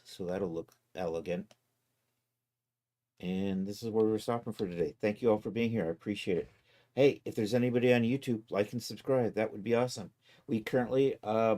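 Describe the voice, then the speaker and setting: A man with a fairly low, warm and relaxed voice talks to his live-stream audience. His chat is casual and easygoing, and he thinks aloud as he goes. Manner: easygoing, thinks aloud while clicking around.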